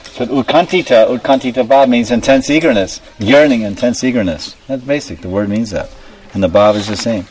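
A man's voice: mid-range voice, fairly quick, a little mellow. A man giving a devotional class, explaining terms and asking his listeners questions. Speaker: spiritual teacher. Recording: distant mic, faint background noise.

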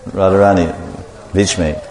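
A man's voice: sits low, steady tone, slow, darkish tone, slight background noise. A man preaching a sermon, animatedly telling a devotional story and quizzing the audience. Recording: echoey hall with long reverb.

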